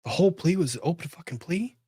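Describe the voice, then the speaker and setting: A man's voice: on the high side, animated, quick pace, dark tone, slightly rough, no echo, studio quality. A man hosting a live legal commentary show, thinking aloud, exclaiming and swearing as he reacts.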